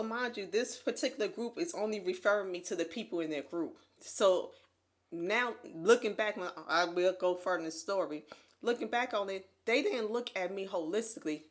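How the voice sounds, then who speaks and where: Animated woman telling a story. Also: medium pitch. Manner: animated, laughs often, acts out quoted voices. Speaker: podcast co-host. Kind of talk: casual storytelling chat. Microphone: USB condenser mic.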